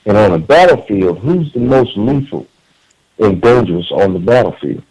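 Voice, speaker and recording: A man's voice: on the low side, sing-song, moderate pace, a little mellow, husky, poor audio. A man calling in to a radio talk show, speaking in an earnest, emphatic way with frequent repeated words and restarts. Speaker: caller.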